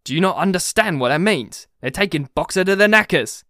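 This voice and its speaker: A man voicing a grumpy old male donkey who shouts in alarm. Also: high voice, expressive, a little fast, dry recording, studio quality, voice pushed up, full character voice. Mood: angry.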